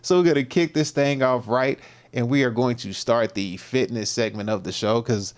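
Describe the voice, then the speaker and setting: A man's voice: medium pitch, moderate pace. Laid-back slangy man streaming. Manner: laid-back, slangy, greets viewers by name. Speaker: fitness livestream host. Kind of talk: casual livestream chat.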